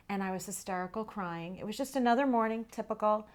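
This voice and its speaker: A middle-aged woman talks straight to her viewers as the host of her own vlog. She tells a personal story in a candid, conversational way, and her voice sits at an everyday, average pitch. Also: a little fast, few pauses.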